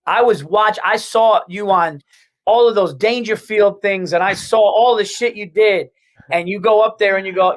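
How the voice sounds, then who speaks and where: High-voiced man telling a comedy story. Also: rough recording. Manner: animated, quick and profane, lots of restarts. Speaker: comedian guest.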